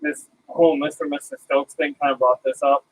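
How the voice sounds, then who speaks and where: A man's voice: fairly high pitch, steady tone, brisk, slight background noise, rough recording. A man co-hosting a podcast, chatting casually and bluntly with asides. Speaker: podcast co-host. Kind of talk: casual chat.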